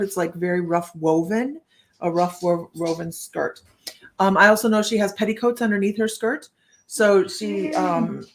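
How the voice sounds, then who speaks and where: A woman giving a live-streamed psychic reading, chatting to her viewers and thinking aloud in loose, rambling sentences. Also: medium pitch. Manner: chatty, talks straight to viewers and greets them by name. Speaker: psychic reader.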